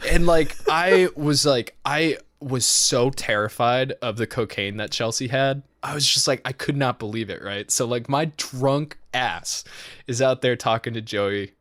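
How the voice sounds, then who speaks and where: A man's voice: mid-range voice, a little slow, a bit bright, dry recording, clean studio sound. A young man co-hosting a podcast, telling a rambling, profane story and laughing often as he goes. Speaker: podcast co-host. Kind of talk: casual storytelling chat.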